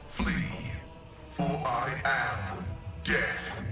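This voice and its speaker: A man's voice: mid-range voice, drawn-out words. A man voicing a hunched, devout male cyborg tech priest who speaks in formal, stilted phrases through a vox-synthesized voice. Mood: solemn. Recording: very echoey distant voice over game music.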